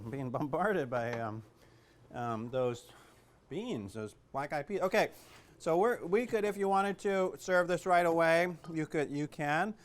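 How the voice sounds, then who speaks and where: A man's voice: on the high side, clear, resonant tone. A man teaching a cooking class in a kitchen, chatty and joking, with lots of fillers. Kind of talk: casual cooking demonstration.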